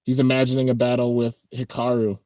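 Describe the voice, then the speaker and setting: A man hosting a casual live-stream reaction, talking excitedly and rambling as he comments on an episode. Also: medium pitch, brisk, no echo, clean studio sound. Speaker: channel host reacting to an anime episode.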